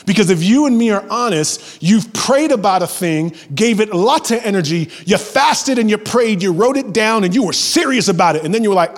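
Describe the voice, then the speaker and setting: A man preaching a sermon, a pastor who moves between loud emphasis and hushed whispers and acts out everyday prayers in a conversational voice. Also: high voice, animated, a little fast, hardly any pauses. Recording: long hall reverb.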